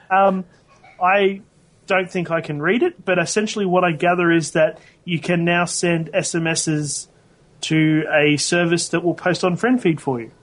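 A man's voice: high voice, fairly even intonation, unhurried, pauses often, a bit bright. A man, sounding, co-hosting a casual tech podcast, rambling and correcting himself as he goes. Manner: rambling, self-correcting, laughs often. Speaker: podcast co-host.

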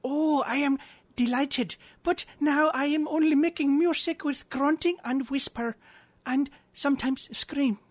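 A man putting on the voice of a whimsical, eccentric woman singer in a comic read-through, with slow, oddly formal phrasing. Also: very high-pitched, fairly even intonation, voice pushed up.

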